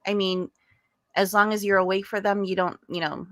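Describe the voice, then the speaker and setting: A woman's voice: medium pitch, flat delivery, moderate pace, fairly bright tone, no echo. A woman in her thirties in a casual group chat, emphatic and slangy. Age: 30s. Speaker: panelist.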